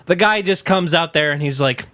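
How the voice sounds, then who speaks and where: A man chatting casually on a podcast, loose and profane, his voice pitched fairly high for a man. The sound is dry and close, with no room around it. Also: normal speed, sharp tone, no echo. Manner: laid-back, swears freely, mocks presenters in a high goofy put-on voice. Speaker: podcast co-host. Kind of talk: casual chat.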